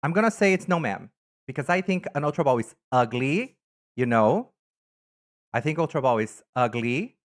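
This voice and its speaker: A man chatting casually on a live stream, camp and animated, greeting viewers by name while he ranks things. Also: medium pitch, normal speed. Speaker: live streamer reading chat. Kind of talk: casual live-stream chat ranking items.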